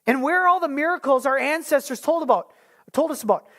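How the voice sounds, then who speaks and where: A speaker voicing a frightened, doubting young man hiding from his enemies, raising the pitch and questioning in disbelief. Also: expressive, fast talker, a bit bright. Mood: incredulous. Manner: incredulous, exasperated questioning.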